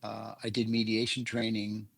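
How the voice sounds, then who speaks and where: A man's voice: fairly low pitch, completely flat delivery, moderate pace, gravelly. An older man talking earnestly as a guest coach in an interview, explaining ideas through analogies. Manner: earnest, uses images and analogies. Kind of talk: reflective interview talk.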